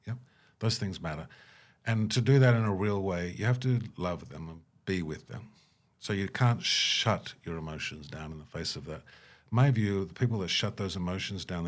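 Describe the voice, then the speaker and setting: A man being interviewed about his humanitarian work, talking earnestly and acting out bits of dialogue. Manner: earnest, acts out quoted dialogue with rising pitch. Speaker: guest, humanitarian worker. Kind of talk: reflective interview talk.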